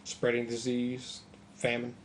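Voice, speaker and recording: A man's voice: medium pitch, completely flat delivery, slow, a little hiss or hum. Man musing through a strategy game. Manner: musing aloud, mildly sarcastic. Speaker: gameplay commentator. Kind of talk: casual gameplay commentary.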